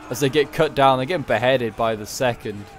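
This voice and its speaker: A man's voice: mid-range voice, a little fast, a little hiss or hum. Chatty man commenting on gameplay. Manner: chatty, self-correcting, rambling asides. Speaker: gaming video creator.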